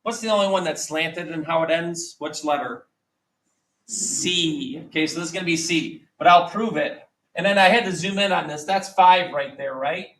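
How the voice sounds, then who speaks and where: A man teaching a math lesson to a class, quizzing students with quick repeated questions. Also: a little high, fairly bright tone. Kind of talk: classroom lecture. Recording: echoey classroom, mic at a distance.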